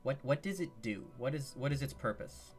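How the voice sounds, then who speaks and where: A man streaming live, chatting casually with his viewers in an excitable way, laughing often and firing off questions. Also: mid-range voice, normal speed, soft background music.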